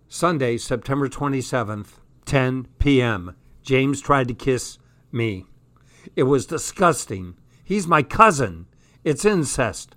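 Male audiobook reader, unhurried, mid pitch, dry sardonic comic diary narration. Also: lively intonation, fairly bright tone.

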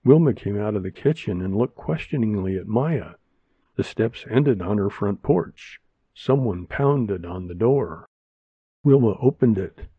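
A man narrating an audiobook in a measured, steady way, in a dull lo-fi recording. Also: lowish voice, husky, no echo.

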